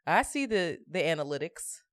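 A woman co-hosting a podcast, telling a story in a casual, expressive way and acting out the dialogue. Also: low voice, moderate pace, no room sound, studio quality. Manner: expressive, laughing, acts out dialogue. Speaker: podcast co-host. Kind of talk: casual chat, animated storytelling.

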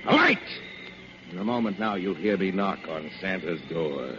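A man's voice: low voice, moderate pace, natural voice. An actor playing a pompous, theatrical male gunman sent from hell, speaking rhyming verse in 1940s radio acting. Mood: brooding. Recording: dull, faintly hissy old radio recording.

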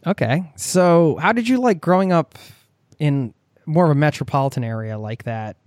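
A man hosting a travel podcast, talking in a relaxed, chatty way and laughing easily. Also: a little high, moderate pace, dry recording. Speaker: podcast host. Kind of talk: casual podcast interview. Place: home in Norway.

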